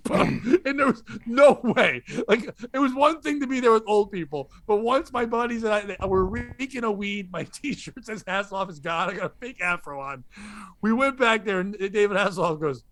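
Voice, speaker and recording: A comedian telling a rowdy story on a podcast, laughing through it. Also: male voice, high voice, expressive, normal speed, fairly bright tone, no echo. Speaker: comedian guest.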